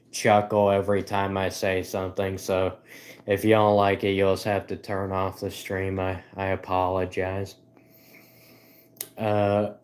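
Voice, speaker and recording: Rambling, giggly male live streamer. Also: deep voice. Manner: rambling, self-deprecating, giggly. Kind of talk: casual live-stream chat.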